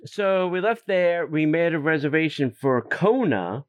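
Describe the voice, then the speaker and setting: Smooth-voiced man hosting a chatty podcast. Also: a little high, measured pace, dry recording, clean studio sound. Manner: animated storytelling with fillers and exasperated asides. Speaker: podcast host. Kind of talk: casual chat.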